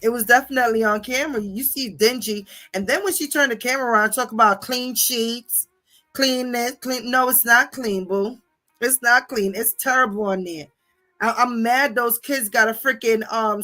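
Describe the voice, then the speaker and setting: A woman livestreamer rants in a bright, forceful voice that sits a little high. She curses freely and drives her points home with repeated "okay?" tags. Faint music plays underneath. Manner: profane, confrontational, repeats "okay?" and "bitch". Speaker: livestream host. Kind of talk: heated livestream rant reading viewer comments.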